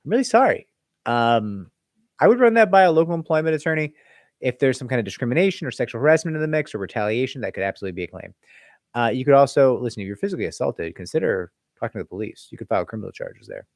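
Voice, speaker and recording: Guy lawyer doing a live q&a, really animated voice, chatty and loose, dry close sound. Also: medium pitch, very fast, no room sound. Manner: conversational, loose, with frequent "like" and "right?"; reads viewer comments aloud, then answers them. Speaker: employment attorney hosting a live Q&A. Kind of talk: casual livestream question-and-answer.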